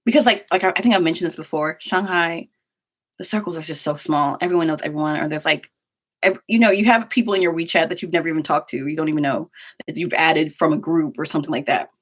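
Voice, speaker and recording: Chatty young woman, lowish voice. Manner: chatty, frequent "like" fillers, quick asides. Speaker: vlogger. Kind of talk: casual storytelling.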